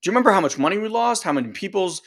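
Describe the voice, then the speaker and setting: A shrill, frantic inner voice of the mind, as a man puts it on, overprotective and scolding. It jumps far above his normal register and nags in disbelief at every new step. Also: animated, racing, a bit bright.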